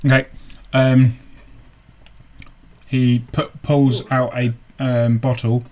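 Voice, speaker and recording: Slow, halting male game master. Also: medium pitch, flat delivery, a little mellow. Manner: halting, full of ums and restarts. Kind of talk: narrating a tabletop game online.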